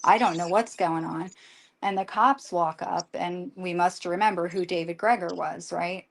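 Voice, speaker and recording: An older woman with a somewhat low voice recounts events in an emotional live conversation. She tumbles through the story, restarting sentences and acting out what each person said. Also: steady tone, gravelly. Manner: rushed, emotional storytelling with many restarts and quoted dialogue. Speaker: guest.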